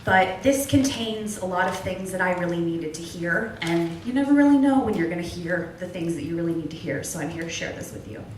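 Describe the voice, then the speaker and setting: Young woman at an open mic doing candid spoken word; recorded from afar in a booming room. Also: lively intonation, brisk, hardly any pauses, slight background noise. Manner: earnest, candid, with wry humor. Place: small club at an open mic. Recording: distant echoey room recording.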